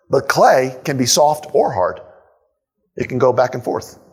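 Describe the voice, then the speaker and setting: A male pastor delivers a sermon in a church with a slightly high voice for a man. He is emphatic, repeats his main points slowly for weight, and asks the congregation rhetorical questions. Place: church sanctuary.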